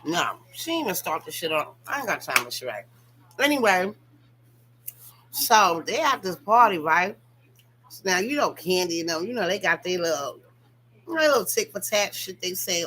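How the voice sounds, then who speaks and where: This is a young woman gossiping about reality TV. Her voice is bright and carries an edge. She talks right to her audience and swears easily, over a faint hum in the background. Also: lowish voice, moderate pace, rough recording. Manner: animated, profane, talks straight to viewers. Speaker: commentary channel host. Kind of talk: casual reality-TV gossip commentary.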